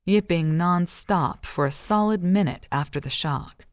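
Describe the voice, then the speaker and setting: This audiobook narrator, a woman with a fairly low voice, reads scripted material evenly and with measured pacing. The recording is dry, with clean studio sound.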